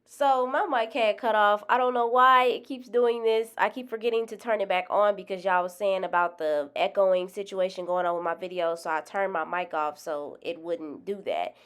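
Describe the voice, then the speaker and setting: A woman hosting a reaction video, exclaiming loudly and chatting to her viewers as y'all. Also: medium pitch, normal speed, hardly any pauses, clear, resonant tone. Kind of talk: casual reaction commentary.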